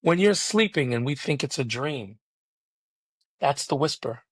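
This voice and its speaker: A man's voice: medium pitch, lively intonation, unhurried, husky, no echo. A man speaking as a podcast guest over a remote call, preachy and emphatic, building rhythmic motivational lines.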